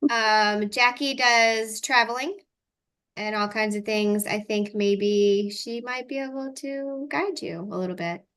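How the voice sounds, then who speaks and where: A woman's voice: medium pitch, fairly even intonation, a little slow, fairly bright tone, clear, resonant tone. A woman leading a group video call, coaching with breathing cues and affirmations in an encouraging way. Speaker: energy clearing coach. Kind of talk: guided breathing and coaching session.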